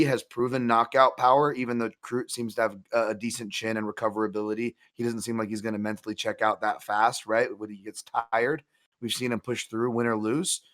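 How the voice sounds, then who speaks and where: A man's voice: mid-range voice, a bit bright. A man co-hosting a betting show, analysing fights in casual chat with many restarts and asides. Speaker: co-host, MMA analyst.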